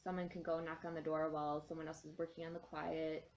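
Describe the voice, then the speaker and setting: A woman's voice: deep voice, flat delivery, fast, a little mellow, dull audio, a little hiss or hum. A woman dog trainer casually explaining a training method, chatty, with frequent ums and restarts.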